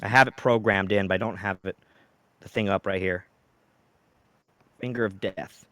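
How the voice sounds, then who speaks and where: Animated male game master. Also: fairly low pitch, normal speed, no echo. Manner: animated, dramatic storytelling with sudden loud outbursts. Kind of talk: narrating a tabletop game.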